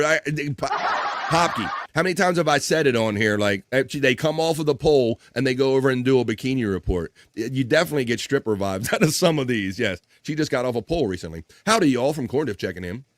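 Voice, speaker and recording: A man's voice: expressive, quick pace, dry recording, studio quality. A man hosting a casual live stream, reading out viewer comments with loose jokes and frequent laughter. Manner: loose, joking, laughs often, trails off low.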